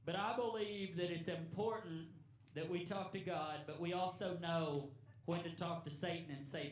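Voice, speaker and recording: Earnest halting preacher, a man. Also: on the high side, steady tone, distant mic. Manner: halting, repeats words, earnest. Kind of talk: sermon. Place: church hall. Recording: echoey room, voice from afar.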